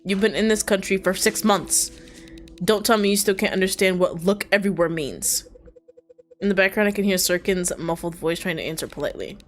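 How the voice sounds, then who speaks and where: Woman voicing a gruff, bossy garage owner. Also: mid-range voice, brisk, soft background music, close to an everyday voice. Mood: yelling. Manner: loud, barking, impatient.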